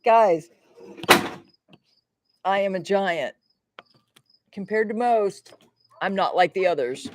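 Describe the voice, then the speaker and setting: A woman from Florida hosts a casual livestream in a chatty, rambling way. Her voice sits at a middling pitch, and she swears freely as she talks. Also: animated, takes it slowly, pauses often, background noise. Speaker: livestream host.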